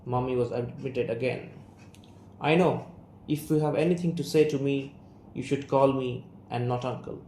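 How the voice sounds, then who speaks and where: A young man with an Indian English accent voicing a guarded, estranged son and writer, reading a play aloud in a measured, restrained way. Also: medium pitch, steady tone, warm tone, close to an everyday voice. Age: young adult. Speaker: student reader. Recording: roomy room, faint hiss.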